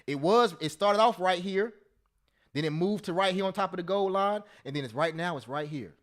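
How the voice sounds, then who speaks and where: Running a live class on options trading, this man's voice sits high and his pace is moderate. He addresses viewers directly, repeats himself excitedly, and now and then sings bits of love songs.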